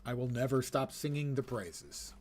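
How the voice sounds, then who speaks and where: A man's voice: medium pitch, lively intonation, normal speed, darkish tone, slight background noise. An older man casually commenting on his gameplay while streaming, chatty and wry, with muttered asides to chat. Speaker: game streamer.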